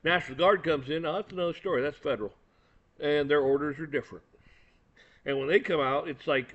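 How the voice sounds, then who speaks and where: A man's voice: fairly high pitch, a little fast, fairly bright tone. Angry guy cursing through his rant, stumbles over his words, dull muffled sound. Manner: blunt, profane, angry, repeats words. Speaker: commentator. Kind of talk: opinion rant. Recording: dull lo-fi recording.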